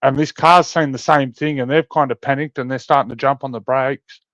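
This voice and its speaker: An Australian man tells rowdy stories in casual chat, swearing freely as he goes. His recording is dry, with no room sound at all, and a little dull and muffled at the top. His voice sits at an ordinary middle pitch. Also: fairly quick, no echo. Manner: swearing-heavy, animated storytelling. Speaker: podcast co-host.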